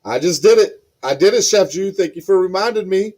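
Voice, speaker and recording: A man hosting a live podcast stream, excitedly reading out chat messages and repeating himself. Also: high-pitched, fairly quick. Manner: excitable, repeats phrases, reads chat aloud. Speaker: podcast host.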